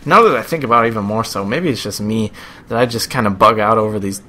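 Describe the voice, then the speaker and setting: Bright-voiced young man from Buffalo. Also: on the low side, fast, a little hiss or hum. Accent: Buffalo, New York. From Buffalo, New York. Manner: rambling, chatty, self-amused. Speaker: gameplay commentator. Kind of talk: casual rambling video game commentary.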